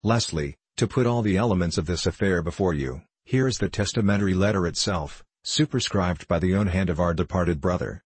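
A man voicing an elderly, kindly, preachy country minister in a storybook reading, speaking in a solemn, measured, old-fashioned way. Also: deep voice, slightly rough, dry recording. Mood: earnest counsel.

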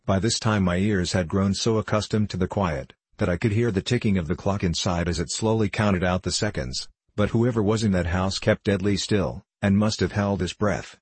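A man reading a novel aloud as a steady, measured narrator. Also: sits low, breathy edge, no room sound. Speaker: audiobook narrator. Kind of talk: scripted narration.

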